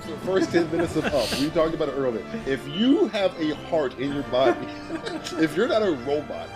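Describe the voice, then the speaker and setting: A man's voice: fairly high pitch, sing-song, moderate pace, music in the background. A man co-hosting a podcast in casual chat, rambling with frequent restarts, swearing and laughing often. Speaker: podcast co-host.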